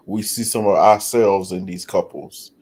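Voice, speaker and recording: A man's voice: low voice, steady tone, measured pace, a little mellow, slightly rough. A man giving blunt, frank opinions as a panelist. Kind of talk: casual opinion commentary.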